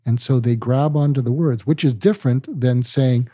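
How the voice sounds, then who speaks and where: An older male psychiatrist, calm and deliberate, explaining ideas with medical analogies in an interview. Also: mid-range voice, no room sound, clean studio sound. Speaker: psychiatrist guest.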